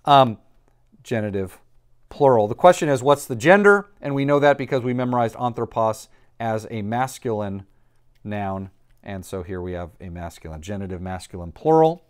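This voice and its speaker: A man's voice: fairly low pitch, expressive, moderate pace, clear, resonant tone. A man teaching a recorded lesson. He talks patiently and reassuringly, explains step by step and thinks aloud while he writes on a board. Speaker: Greek teacher.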